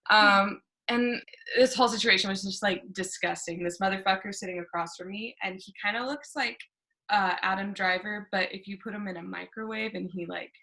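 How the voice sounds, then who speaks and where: A young woman performs a stand-up set from her living room over a video call. Her voice is bright and forceful, with a middling pitch. She mocks herself and keeps breaking into laughter at her own lines. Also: brisk. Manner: self-mocking, laughs through her punchlines. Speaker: stand-up comedian. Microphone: webcam on a video call.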